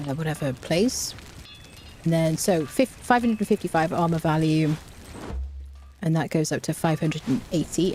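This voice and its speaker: A woman chats her way through a live game stream in a fairly low, warm and mellow voice. She reads out viewer messages and hums to herself while crafting, over a faint background hiss. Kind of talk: casual live-stream gameplay chat.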